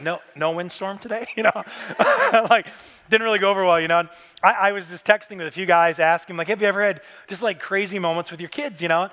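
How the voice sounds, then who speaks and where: A pastor in his thirties gives a Father's Day sermon in a large church auditorium, his voice high and light. He speaks casually and animatedly, telling stories and now and then breaking into shouts, with a long church-hall reverb on the sound.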